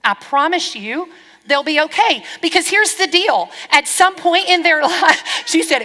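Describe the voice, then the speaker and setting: A middle-aged woman pastor preaching a sermon, frank and lively, acting out bits of dialogue as she goes. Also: very high voice, unhurried. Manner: lively, frank, wry storytelling with quoted dialogue. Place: church hall. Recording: long church-hall reverb.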